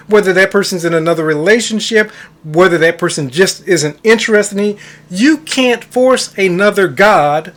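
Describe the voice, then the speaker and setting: A man's voice: sits high, fairly bright tone. A man who coaches on manifestation, telling a story in a casual monologue, stressing words for emphasis and addressing listeners as guys.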